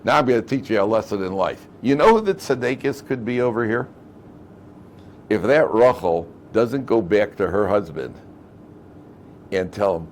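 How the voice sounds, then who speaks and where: A man's voice: mid-range voice, very animated, normal speed, a little hiss or hum. A man, a rabbi, giving a Torah lecture to a live class, talking conversationally, repeating phrases and acting out quoted speech in his stories.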